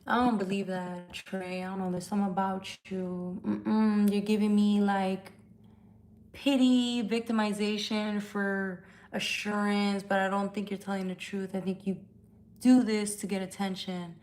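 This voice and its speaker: During a casual live tarot stream recorded on her phone, a woman swears and bluntly calls out viewers in a confrontational way. Her mid-range voice has a darkish tone and little pitch movement, and she talks a little slowly.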